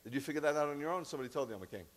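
A man doing a calm, dryly sarcastic teacher. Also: lowish voice, brisk, natural voice. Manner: calm, dry, quietly sarcastic. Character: calm male Jewish teacher, dry sarcasm.

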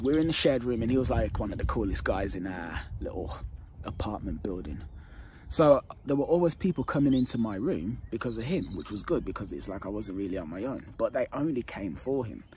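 A dating coach tells his own story to camera, candid and earnest, repeating phrases for emphasis and sometimes dropping to a hushed tone. His voice is on the low side, with slight background noise.

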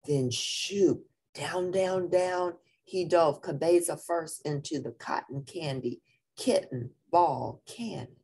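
A woman reading a children's picture book aloud in an expressive, playful way. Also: low-pitched, takes it slowly, breathy edge. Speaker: storybook reader.

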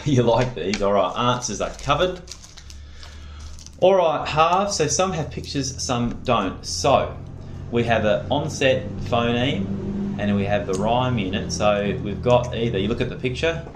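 Deep-voiced male phonics tutor. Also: unhurried, a little hiss or hum. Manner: patient, encouraging drill prompts. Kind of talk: one-on-one phonics lesson. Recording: echoey room.

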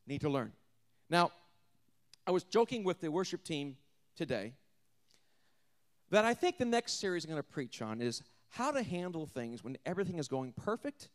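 A male pastor preaching a sermon, moving between loud emphasis and hushed passages, often repeating words as he restarts. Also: a little high. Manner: animated, dramatic swings between loud emphasis and hushed delivery.

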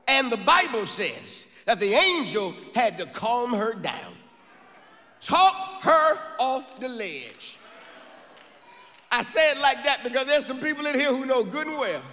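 A man preaching a sermon as pastor, rising into sung and shouted phrases and calling on the congregation to testify, recorded in a church sanctuary. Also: very high-pitched, in a large hall.

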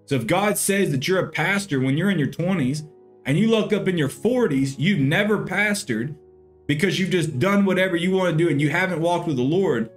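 A man's voice: fairly high pitch, a little fast, soft background music. A man, a pastor, teaching a Bible lesson in an earnest, conversational way. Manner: earnest, conversational, with frequent "you know".

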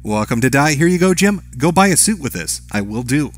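Brisk and medium-pitched, with big swings in intonation, a man reads viewer messages during a live stream. He voices the chat names and messages, answering each briefly and offhandedly.

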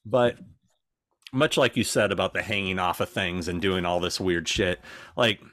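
A low-voiced male podcast co-host tells stories at a moderate pace in casual chat, swearing freely and acting out other people's voices with animation. The recording is dry and studio-clean.

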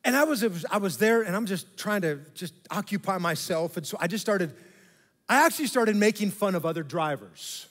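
A high-voiced man preaches to his congregation in a big church hall, and his voice rings with a long reverb. He tells an animated story, slipping into mock voices and turning often to the crowd with asides. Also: normal speed. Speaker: pastor. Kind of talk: sermon.

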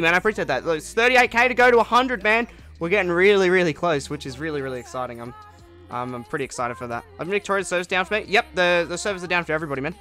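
A man's voice: a little high, sharp tone. A young man streaming a game live, chatting casually with viewers and answering their comments in an upbeat way. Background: faint music.

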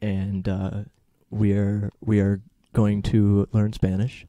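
A young man chatting casually as a podcast guest, hesitant with many fillers and deadpan jokes. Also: lowish voice, no echo, muffled recording. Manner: halting, lots of uh and um, deadpan jokes. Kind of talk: casual chat.

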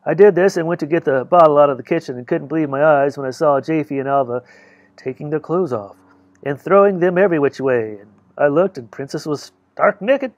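A man reading a novel aloud as an audiobook, in a measured storytelling manner. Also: fairly high pitch, darkish tone, no room sound. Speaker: audiobook reader. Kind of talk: audiobook narration.

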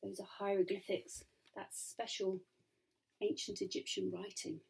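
A woman's voice: mid-range voice, level tone, unhurried, vocal fry, a little mellow, breathy edge. A woman, a children's author, reading her picture book aloud and talking to young listeners about the pictures. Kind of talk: storybook read-aloud for children.

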